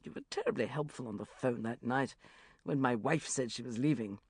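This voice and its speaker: A woman's voice: extremely low pitch, fairly quick, darkish tone, breathy edge, no room sound, clean studio sound, voice pushed down, heavily acted. A woman reading as an earnest posh man. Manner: earnest, polite, plodding.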